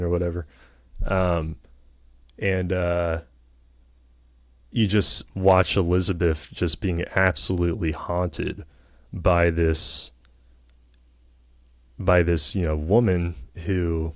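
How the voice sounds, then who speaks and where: A man's voice: sits low, no room sound, studio quality. A man vlogging a casual film review, rambling with lots of fillers and hedges.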